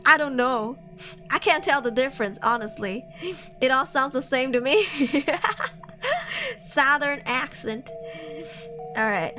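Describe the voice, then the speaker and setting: A young woman streamer chats and reads with a playful, slangy manner, laughing often. Her voice is high. Music plays clearly underneath. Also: bright, forceful tone. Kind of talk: casual live-stream chat and reading.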